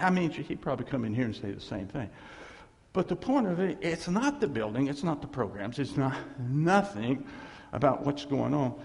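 Long hall reverb surrounds a pastor whose voice is a little high and touched with vocal fry. His sermon is animated storytelling, punctuated by laughs and quotes he voices in character.

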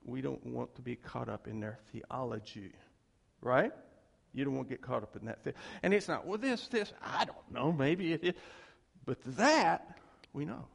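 Guy pastor telling a story in his sermon, gravelly voice that jumps all over, echoey church hall. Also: mid-range voice, animated, moderate pace. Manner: storytelling, acting out both sides of a conversation.

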